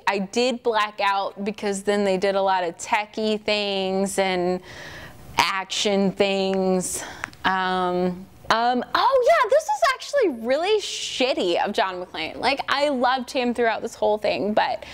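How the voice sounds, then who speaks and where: A woman's voice: medium pitch, clear, resonant tone. A tipsy woman hosting a comic movie recap, rambling and profane, with laughing asides. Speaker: host.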